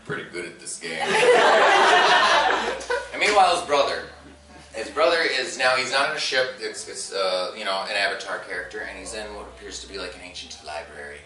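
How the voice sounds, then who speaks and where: A man in his thirties does a stand-up set on a convention stage before a live crowd, his voice fairly low, animated and fast. He tells stories with acted-out quotes and laughs at his own jokes. The audio is noisy and echoey, captured far from the mic.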